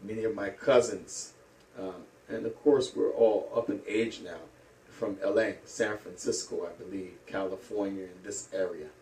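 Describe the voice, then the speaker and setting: A middle-aged man from St. Louis, an Islamic teacher, telling his life story slowly with many pauses and hesitations. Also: lowish voice, fairly even intonation, darkish tone, a little hiss or hum. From St. Louis, USA. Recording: echoey room, mic at a distance.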